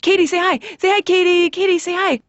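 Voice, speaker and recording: An actress playing a wry woman comic who tells a story with shrill impressions of other people. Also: steady tone, fast, soft background music. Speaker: stand-up comedian. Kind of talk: stand-up storytelling. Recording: dry, dull lo-fi audio.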